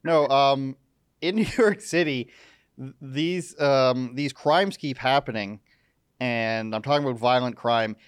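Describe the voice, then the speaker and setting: A man hosting a casual talk show, asking long questions and tossing in jokes. His voice is smooth and clean, recorded close and dry with no room sound. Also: mid-range voice, dry recording. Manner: joking, quick asides. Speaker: podcast host.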